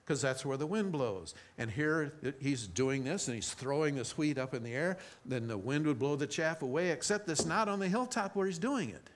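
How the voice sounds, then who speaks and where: A man reading a Bible passage aloud and then teaching on it in a conversational way, often restarting his sentences. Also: medium pitch. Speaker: preacher.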